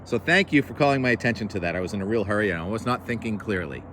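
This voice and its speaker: A man's voice: lowish voice, expressive, rapid-fire, a bit bright, slight background noise. A man hosting a casual weather talk, rambling and correcting himself as he goes. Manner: chatty, rambling, self-correcting asides. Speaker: weather show host.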